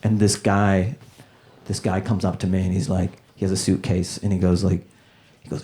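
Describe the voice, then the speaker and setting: A man in his thirties doing a stand-up comedy set, animated and acting out characters in quick voices. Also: sits low. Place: comedy club stage before a laughing audience. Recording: live club set with loud crowd laughter.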